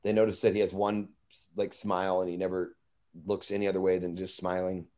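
A man hosting a podcast, telling a story in an animated, rambling way and swearing freely. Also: low-pitched, fairly quick. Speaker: podcast host. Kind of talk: casual storytelling.

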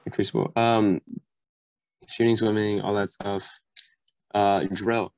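Young man, low voice, chatty guest who acts out every quote. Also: slow pace, clear, resonant tone, no room sound, rough recording. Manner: animated storyteller, acts out quoted voices with sudden high jumps, many fillers. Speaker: podcast guest, Marine recounting boot camp. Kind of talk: casual storytelling chat.

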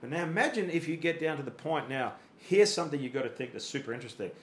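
A man's voice: a little high, lively intonation, fast talker, a little hiss or hum. A man coaching athletes, explaining things in a podcast conversation with everyday analogies and little acted-out quotes, often repeating words as he thinks. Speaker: fitness coach. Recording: roomy echoey room.

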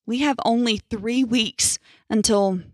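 A woman voicing a quiet, imposing middle-aged father who murmurs his worries, in a horror story reading. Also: fairly high pitch, slow pace, dry recording, clean studio sound. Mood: uneasy.

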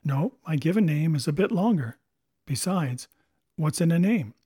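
A laid-back young bounty hunter with a teasing, easy way of talking, as a man voices him in an audiobook. His voice is a little husky and a bit high for a man, and the sound is close and dry. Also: animated, normal speed, warm tone, no echo.

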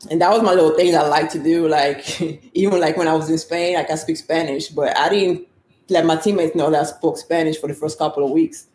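A woman's voice: deep voice, brisk. A young woman from Italy, a basketball player, telling stories bluntly in a casual interview. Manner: blunt, animated, acts out quoted exchanges. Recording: echoey room with faint background noise.

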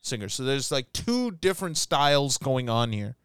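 A man's voice: medium pitch, moderate pace, clear, resonant tone, dry recording, clean studio sound. A man co-hosting a casual podcast, joking and bantering about football bets. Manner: animated, jokey, breaks into put-on accents. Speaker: podcast co-host.

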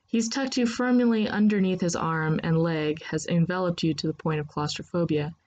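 A woman narrating a second-person story in a steady, unhurried reading voice. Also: lowish voice, rough recording.

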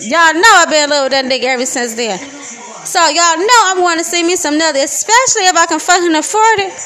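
A woman's voice: extremely high pitch, quick pace, bright, forceful tone. A young woman with a Detroit accent, venting profanely and heatedly in a casual podcast monologue. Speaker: podcast host.

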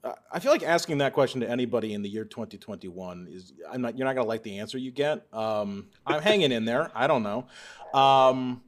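A man's voice: medium pitch, fairly quick. Wry man from Texas, dry humor. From Texas, USA. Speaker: podcast guest. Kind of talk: casual podcast chat.

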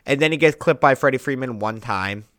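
A young man co-hosting a podcast, talking baseball in a casual, animated way, with big jumps in pitch and loudness for emphasis. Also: a little fast, no room sound, clean studio sound. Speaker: podcast co-host. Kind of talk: casual sports chat.

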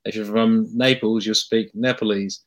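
A middle-aged man from New Zealand with a New Zealand accent, hosting a casual interview and telling a story in a lively, animated way with many fillers. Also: fairly low pitch, normal speed. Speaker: podcast host.

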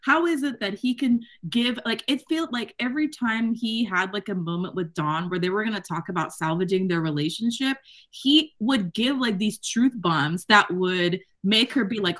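A woman's voice: on the high side, moderate pace. A woman hosting a casual book-club podcast, talking in a profane, emphatic way and mocking the characters in quoted voices. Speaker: podcast host.

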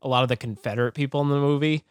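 A man co-hosting a podcast, talking through a movie review in a measured, agreeable way while gently disagreeing. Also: medium pitch, fairly even intonation, clean tone, no room sound, clean studio sound. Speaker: podcast co-host. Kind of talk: casual movie review chat.

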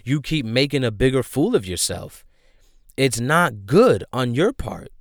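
A man's voice: medium pitch, big pitch swings, unhurried, no room sound, studio quality. A young man giving a casual, slangy commentary rant, emphatic and repetitive, with frequent "bro" and "my guy". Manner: slangy, emphatic, repeats himself, leans on "bro".

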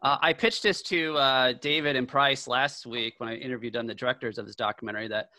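A man's voice: medium pitch, fairly even intonation, fast talker, bright, forceful tone, no echo, rough recording. A man hosting a casual interview podcast, eager and upbeat, talking with plenty of fillers and restarts. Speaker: podcast host.

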